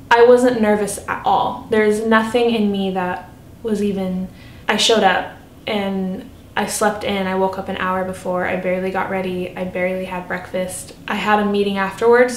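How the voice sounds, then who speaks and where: Earnest chatty young woman in an echoey room. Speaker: vlogger. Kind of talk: casual personal vlog storytelling. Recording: echoey room, faint rumble.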